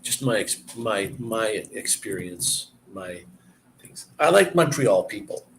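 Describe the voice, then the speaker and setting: A man's voice: on the low side, big pitch swings, takes it slowly, slight background noise, poor audio. A man hosting a live stream, chatting casually and rambling from one story to the next with chuckles.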